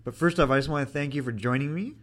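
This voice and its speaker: A man's voice: on the high side, fast talker, a bit bright. A man hosting a podcast who chats casually and jokes at his own expense. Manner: playful, self-deprecating. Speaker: podcast host. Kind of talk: casual interview.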